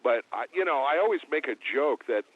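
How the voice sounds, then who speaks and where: A man speaks as the guest of an interview, easygoing and joking, pausing often with hesitant fillers. His voice is mid-pitched for a man. He comes through a thin, tinny phone line. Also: expressive, dry recording. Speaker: guest drummer. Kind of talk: casual interview.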